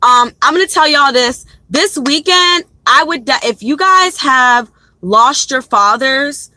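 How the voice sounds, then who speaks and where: Casual young female tarot reader, slightly high voice, talking to viewers from her car. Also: expressive, slow, pushed and bright, dry recording, low-quality recording. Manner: chatty, rambling, talks to viewers as y'all. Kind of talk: casual live tarot reading. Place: parked car. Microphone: phone.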